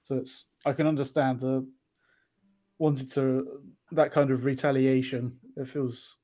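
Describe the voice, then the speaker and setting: A man talks casually as a podcast guest. His pitch barely moves, and he often stops on ums and starts phrases over. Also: level tone, measured pace, warm tone. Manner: hesitant, many ums and restarts.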